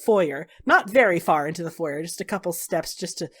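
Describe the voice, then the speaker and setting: A woman's voice: fairly low pitch, expressive, brisk, husky. A woman running a tabletop game as game master, telling the story with many fillers.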